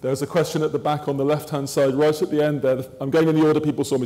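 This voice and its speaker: A man chairs a lecture question session in a warm, slightly high voice. He briskly points out who speaks next and where the microphone should go. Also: flat delivery. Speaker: event chair. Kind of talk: moderating a Q&A. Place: large lecture hall.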